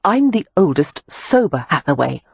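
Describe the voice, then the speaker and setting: A woman's voice: low voice, sing-song, normal speed, creaky, darkish tone, breathy edge, no room sound, exaggerated voice. A woman voicing a responsible, protective eldest sister who speaks in a firm, take-charge way in an audiobook. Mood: indignant.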